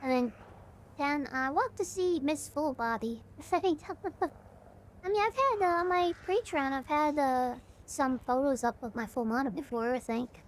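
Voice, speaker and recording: A woman's voice: high voice, unhurried, a little hiss or hum. A woman streaming a game live, rambling in a chatty, self-mocking way. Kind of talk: casual live gameplay chat.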